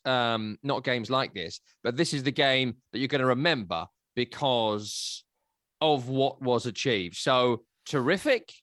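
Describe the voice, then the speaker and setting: A man, hosting a casual football analysis chat, chatty and animated. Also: mid-range voice, a little slow, dry recording, clean studio sound. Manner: animated, chatty, breaks into silly voices. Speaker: football podcast host.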